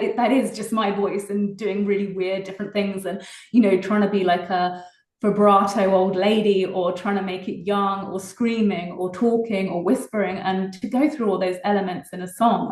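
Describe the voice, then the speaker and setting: A British woman, a singer-songwriter, chatting casually in an interview, laughing often between fast bursts of talk. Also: medium pitch, darkish tone, roomy sound, low-quality recording. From Britain.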